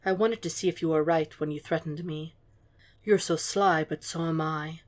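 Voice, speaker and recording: A woman voicing a cool, controlled man who speaks softly and coaxingly, in a murmuring audiobook reading. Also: low voice, fairly even intonation, normal speed, close to an everyday voice. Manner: soft, murmuring delivery.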